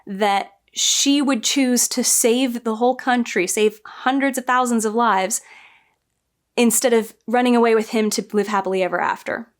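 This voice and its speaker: A woman giving a casual spoken review, chatty and animated, often acting out quoted lines with small laughs. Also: a little high, moderate pace. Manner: frequent restarts and small laughs. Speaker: book and TV reviewer.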